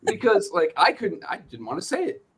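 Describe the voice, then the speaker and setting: A man's voice: high-pitched, huge pitch swings, normal speed, noisy background. A male show host ranting in casual chat, joking and swearing freely.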